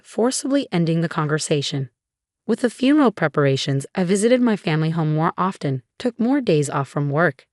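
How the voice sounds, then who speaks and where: A woman narrating a first-person story in a steady, even reading voice. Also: fairly low pitch, no room sound, studio quality.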